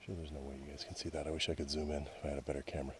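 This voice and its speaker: A Canadian man with a very low, deep voice talks to his action camera as he walks a wooded trail. He is wry and grumbles about the signs, chatting casually. A faint hiss of outdoor noise sits behind him. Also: little pitch movement, racing. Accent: Canadian English. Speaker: hiking vlogger. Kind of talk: casual narration while hiking.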